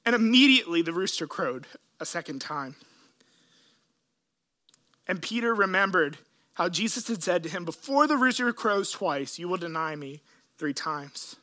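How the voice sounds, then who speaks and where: A man preaching a sermon, retelling scripture in an earnest, emotional way with dramatic pauses. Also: high voice, lively intonation, pushed and bright. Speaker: pastor.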